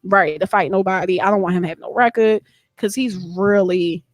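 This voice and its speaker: A woman in her thirties, a guest author sharing her personal story in a radio interview, candid and animated. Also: medium pitch, a little fast, no room sound, studio quality.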